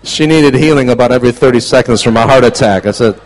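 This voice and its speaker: A man preaching a storytelling sermon to a class, animated, dropping to a hush and then shouting. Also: mid-range voice, quick pace, rough recording. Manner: animated, swings from hushed to shouting.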